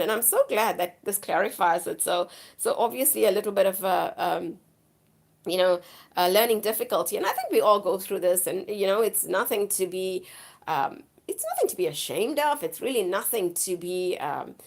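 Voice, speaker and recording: A woman hosts a live stream and chats casually with her viewers. She rambles on effusively and circles back to repeat herself, and her voice sounds worn from the flu. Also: mid-range voice.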